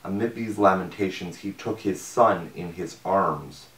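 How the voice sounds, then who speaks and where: A man reading an ancient novel aloud as an audiobook narrator, in a measured, deliberate manner. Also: deep voice, a bit bright. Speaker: audiobook reader. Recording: roomy, distant mic.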